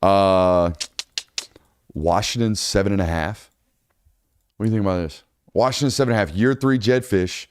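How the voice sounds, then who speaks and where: Host type: low, smooth man, dry close mic, energetic talk-show banter. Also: moderate pace, pauses often, no room sound. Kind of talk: casual sports talk show.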